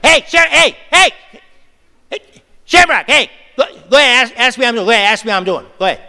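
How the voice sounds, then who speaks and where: Loud shop teacher voice from a man, insistent repeated calls, high and bright, long hall echo. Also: lively intonation, fast, vocal fry, exaggerated voice. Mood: teasing. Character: booming old-school male high school shop teacher, pushy and upbeat. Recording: long reverb of a big hall.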